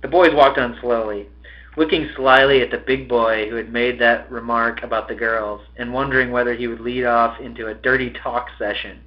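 A man's voice: medium pitch, little pitch movement, moderate pace, muffled recording. A man hosting a podcast, reading a novel aloud with expression and swearing at his own slips.

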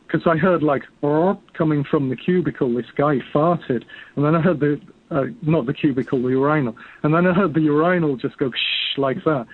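A man's voice: on the high side, breathy edge, dry recording. An English man calling in to a podcast to tell a funny story in a chatty, amused way, heard over a phone line. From United Kingdom. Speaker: caller.

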